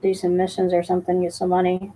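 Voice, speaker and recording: A woman's voice: on the low side, completely flat delivery, quick pace, warm tone, rough recording. A woman live streamer chatting casually, teasing and reading her chat aloud, with plenty of ums and restarts. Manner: fillers and restarts.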